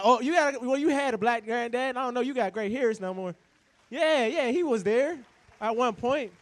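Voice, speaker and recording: A young man performing a profane stand-up comedy set, talking straight to the crowd in an animated way on stage. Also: very high-pitched, no room sound.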